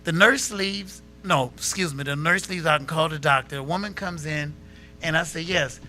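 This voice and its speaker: A man's voice: on the high side, normal speed, faint music behind. A man hosting a local talk show, chatting casually and acting out the people in his stories. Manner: animated storytelling, acts out quotes.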